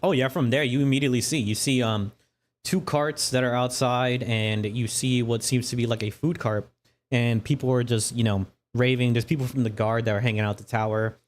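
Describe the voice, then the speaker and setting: A man's voice: mid-range voice, fairly even intonation, brisk. A man narrating a tabletop game as dungeon master, chatty and laughing often.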